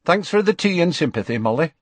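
A man doing Tonks, a hurried, subdued young witch. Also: a little high, animated, dry recording, voice pushed up, lightly acted. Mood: evasive. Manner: hurried, awkward.

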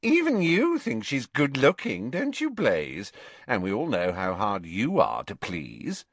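A man voicing a haughty, prim teenage schoolgirl with a shrill, pointed way of speaking. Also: wildly swooping pitch, a little slow, no echo, heavily acted. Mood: catty.

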